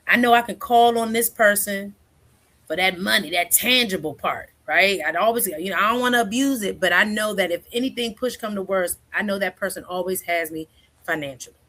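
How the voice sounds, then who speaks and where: A woman's voice: mid-range voice, pushed and bright. A woman in her forties, a counselor, talking as a guest in a casual, chatty way and often checking in with "right?". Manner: chatty, keeps asking "right?", acts out quoted speech. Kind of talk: casual conversational interview.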